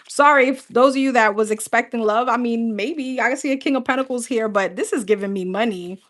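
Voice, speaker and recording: This young adult woman reads tarot in a relaxed way, announcing cards in succession while chatting and laughing with viewers. She speaks at a normal speed in a slightly high, fairly bright voice.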